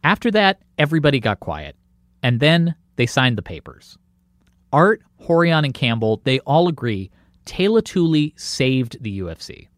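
A man's voice: mid-range voice, very animated, normal speed, no echo, clean studio sound. A man reporting and narrating a documentary podcast in a scripted, storytelling delivery.

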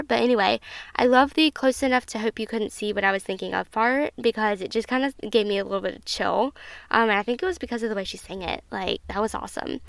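Young woman podcast host, effusive and chatty, higher voice with a gravelly edge, recorded close and dry. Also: dry recording. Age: 20s. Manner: gushing, chatty, many fillers like "um" and "like". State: emotional, near tears at times. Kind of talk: casual solo review podcast.

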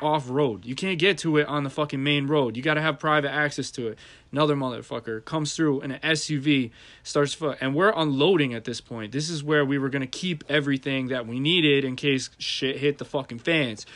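A man's voice: on the high side, fairly bright tone. A man, hosting a podcast and telling a heated, profane story in casual talk. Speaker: podcast host.

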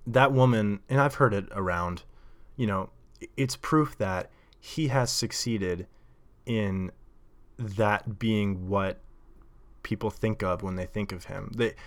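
A man's voice: lowish voice, vocal fry. Man, podcast host, casual storytelling, rambling, lots of fillers, laughs often.

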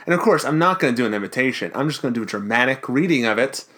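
A man from the Baltimore area co-hosting a podcast in casual, jokey, excitable chat. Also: medium pitch, rapid-fire. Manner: jokey, excitable, self-mocking. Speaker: podcast co-host.

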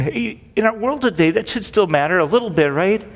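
A man's voice: high-pitched, expressive, normal speed, hardly any pauses. A man teaching through a Bible passage as a pastor, in a casual, conversational way, often checking in with rhetorical questions. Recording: long reverb.

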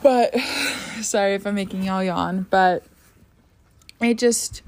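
A young woman in her twenties who hosts a podcast chats casually about her life in a vlog-style talk, her medium-pitched voice steady and unhurried. She sounds tired and yawns, rambling with many fillers and restarts.

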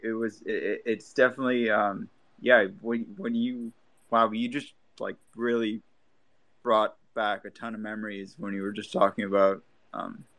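Lebanese-born guy, low-ish voice, lots of um and like, dry audio. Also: a bit bright, dry recording. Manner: halting, lots of fillers and restarts. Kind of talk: casual chat.

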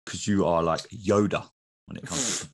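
Casting: very low-voiced English man, easygoing podcast co-host, rambles a bit. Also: moderate pace, breathy edge. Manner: rambling, loose, peppered with "you know". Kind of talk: casual sports podcast chat.

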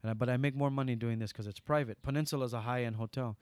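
A man's voice: medium pitch, steady tone, very fast, darkish tone, no echo, close to an everyday voice. A man voicing a humble, polite hotel driver in his sixties who keeps saying sir. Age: 60s.

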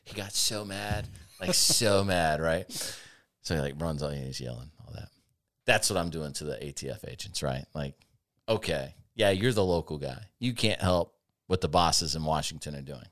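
A man's voice: extremely low pitch, animated, moderate pace, a bit bright. A man hosting a casual talk show, telling sardonic stories about an old job and laughing often. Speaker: podcast host. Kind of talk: casual chat, storytelling.

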